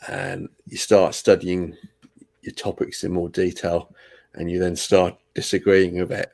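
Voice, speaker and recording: An older man from England with a southern English accent, answering interview questions in a halting, hesitant way. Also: sits low, level tone, creaky, darkish tone. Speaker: guest.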